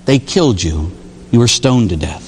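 A man's voice: medium pitch, normal speed, slight background noise. A man who is a Catholic priest, preaching a sermon in a church with jokes and rhetorical questions. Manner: animated, joking, full of rhetorical questions. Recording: long reverb of a large hall.

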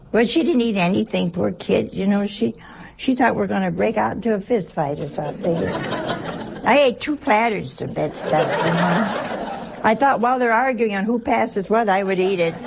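Gravelly-voiced nun preaching folksily. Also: female voice, mid-range voice. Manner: folksy, humorous, full of rhetorical questions. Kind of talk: conversational sermon.

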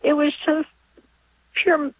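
High-voiced tearful woman in her forties, on a tinny phone line, emotional caller. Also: level tone, no room sound. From New York. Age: 40s. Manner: tearful, halting, laughing through tears. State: choked up with emotion. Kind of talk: emotional call-in testimony.

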